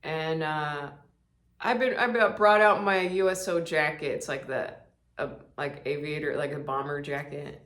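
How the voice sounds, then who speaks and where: A woman's voice: low voice, fairly even intonation, measured pace, a bit bright, reverberant. A woman comedian telling casual funny stories, acting out quotes in different voices and laughing often. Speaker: comedian podcast host. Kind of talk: casual storytelling monologue.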